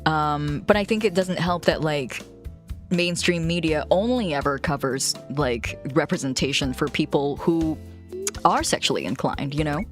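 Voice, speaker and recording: A woman's voice: low-pitched, moderate pace. A woman streamer chatting casually and frankly with her viewers, laughing often as she tells stories. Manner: frank, giggly, animated storytelling. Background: faint music.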